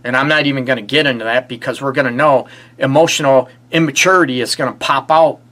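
A man's voice: medium pitch, steady tone, fast talker, pushed and bright. A middle-aged man, a relationship therapist, giving earnest advice on a live stream and asking rhetorical questions. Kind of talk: casual advice talk to a live audience.

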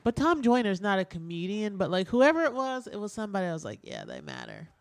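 A woman hosting a radio show, talking loosely and candidly with lots of "like" and frequent swearing. Her voice sits at an ordinary pitch for a woman. The studio sound is dry and close, with no room around it. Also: expressive, fast, no echo. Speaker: radio host. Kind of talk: casual radio chat.

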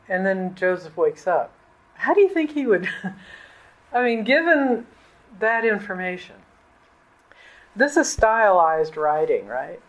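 A middle-aged woman pastor preaches in a relaxed, chatty way, mixing plain talk with slang. Her voice sits at an ordinary middle pitch and often leaps upward when she stresses a point. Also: slow, long pauses, poor audio. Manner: casual, colloquial, pitch often jumps up. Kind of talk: conversational sermon.

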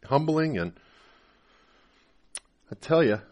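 Man preaching, kinda high voice, goes loud then real quiet, does little voices for the folks he quotes. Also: expressive, slow pace. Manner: swings between loud emphatic preaching and quiet confessional asides; acts out voices of people he quotes. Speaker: pastor. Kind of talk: sermon.

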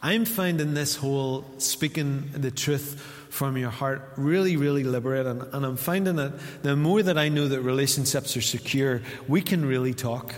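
A man's voice: medium pitch, moderate pace. A man with a Northern Irish accent preaching a sermon as pastor in a church, in a conversational way, acting out little dialogues with his listeners. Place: church hall. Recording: long reverb of a church hall.

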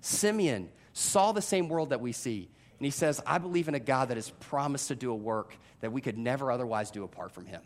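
A man's voice: medium pitch, brisk, few pauses. A man in his thirties preaching a sermon as pastor, telling stories about himself and speaking straight to his congregation. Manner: animated, self-deprecating storytelling with direct audience address.

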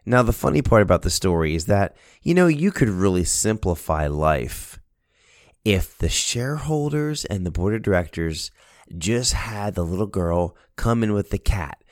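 Lively low-voiced man telling stories. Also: normal speed, no room sound, clean studio sound. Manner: animated storyteller, lively voice shifts. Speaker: speaker, cleaning business owner. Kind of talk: casual storytelling talk.

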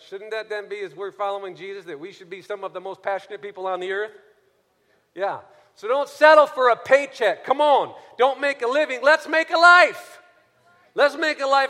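A man preaching a sermon as pastor, swinging from soft, low passages to shouted exhortation. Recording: long hall reverb.

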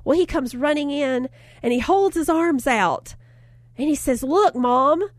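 A woman giving a faith-based motivational talk, telling a family story in a lively, conversational way and calling her listeners guys. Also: high voice, unhurried, no echo, studio quality. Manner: animated storyteller, acts out voices in anecdotes. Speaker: motivational speaker.

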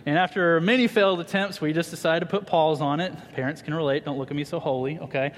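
A man in his thirties preaching a sermon to a congregation, telling funny family stories with lively humor. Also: fairly high pitch, fast, slight background noise. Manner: animated, humorous storyteller addressing a congregation. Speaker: pastor. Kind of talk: sermon with personal storytelling. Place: church hall. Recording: reverberant church hall.

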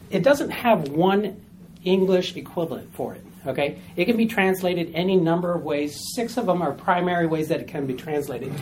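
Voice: mid-range voice, darkish tone, slight background noise. A Bible study teacher explaining a passage step by step to a small group, repeating key points and often asking "all right?" to check in.

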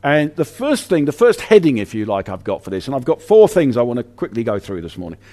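A man preaching a sermon in an animated, conversational way, often restarting his sentences. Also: medium pitch, brisk.

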